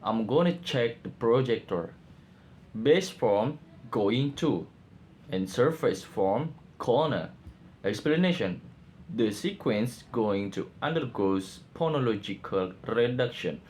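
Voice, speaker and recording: A man presenting a class project, reading out his slides haltingly with frequent pauses and fillers. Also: mid-range voice, animated, a little mellow, slight background noise. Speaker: student presenter.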